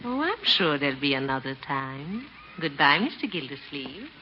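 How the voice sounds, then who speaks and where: A coy French-accented flirt. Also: female voice, low-pitched, very animated, normal speed, slight background noise. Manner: coy, teasing. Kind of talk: 1940s radio acting. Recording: dull old radio broadcast.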